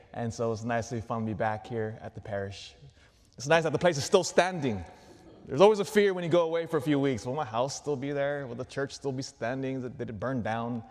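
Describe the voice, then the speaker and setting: A man, a Catholic priest, preaching a sermon in an animated way, full of rhetorical questions. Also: mid-range voice, a little fast. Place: large church. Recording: long church reverb.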